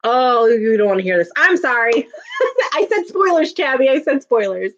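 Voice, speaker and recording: A woman's voice: high voice, sing-song, normal speed, a bit bright, dull audio. A woman hosting a casual livestream, chatting with viewers, venting and laughing often. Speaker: livestream host reading chat.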